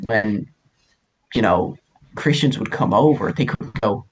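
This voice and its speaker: A young Irishman, telling old legends on a casual podcast. He is animated and profane, laughing often and swearing freely as he goes. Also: fairly low pitch, unhurried, husky, lo-fi sound. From Ireland. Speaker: podcast co-host. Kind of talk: casual storytelling chat.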